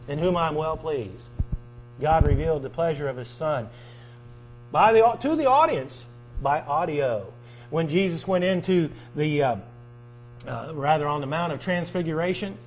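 A man's voice: high-pitched, slight background noise, low-quality recording. A man preaching a sermon, teaching through scripture passages in an earnest way and restarting phrases now and then.

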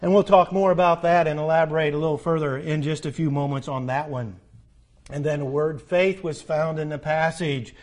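A man's voice: a little high, fairly even intonation, moderate pace, a little mellow. A middle-aged man preaching a sermon as pastor, building to emphatic peaks and asking the congregation repeated questions.

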